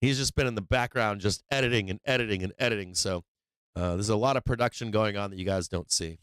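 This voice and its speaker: A man hosting a live trading stream, talking casually and excitedly, swearing freely and laughing often. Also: lowish voice, fast talker, smooth, no echo. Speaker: livestream trading host. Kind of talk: casual livestream chat.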